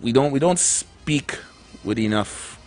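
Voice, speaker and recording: A man's voice: medium pitch, expressive, slow pace, darkish tone, soft background music. A man co-hosting a casual radio chat, talking in a chatty, rambling way with many repeated words. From Trinidad and Tobago. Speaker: radio show co-host.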